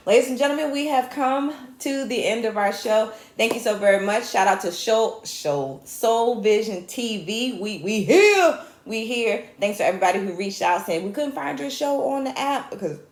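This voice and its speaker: A woman with a Southern US accent hosting a casual comedy talk show, joking and speaking with conviction. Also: mid-range voice. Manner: animated, joking, preachy asides. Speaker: host. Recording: echoey room.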